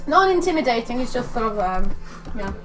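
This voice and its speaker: A woman's voice: on the high side, big pitch swings, brisk, fairly bright tone, far from the mic, rough recording. A woman playing a tabletop role-playing game, chatting casually and giggling as she describes her character's moves. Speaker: player.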